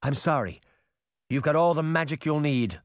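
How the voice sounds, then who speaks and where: A man's voice: fairly high pitch, animated, moderate pace, no room sound, studio quality, lightly acted. A man voicing a young male warlock who pleads urgently with his mother. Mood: apologetic. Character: young male warlock, anxious, devoted son.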